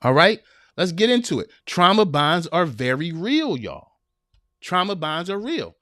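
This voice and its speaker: A man's voice: high voice, big pitch swings, unhurried, pushed and bright, dry recording, clean studio sound. Preachy man giving advice. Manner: preachy, direct, repeats phrases for emphasis. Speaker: podcast host. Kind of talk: live-streamed advice talk.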